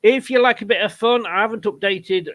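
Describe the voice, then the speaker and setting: A man with a noticeably high voice hosts a football watchalong in casual chat. He talks to his guests and breaks off to greet viewers and answer their comments. His delivery is chatty and loose. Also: a bit bright. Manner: chatty, quick asides to viewers. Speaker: host.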